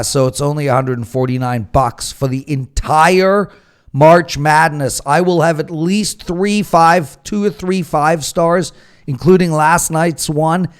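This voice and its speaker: A man hosting a sports betting panel, ranting and pitching picks with big swings in loudness. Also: clear, resonant tone. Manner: animated ranting, swings loud and quiet. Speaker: show host.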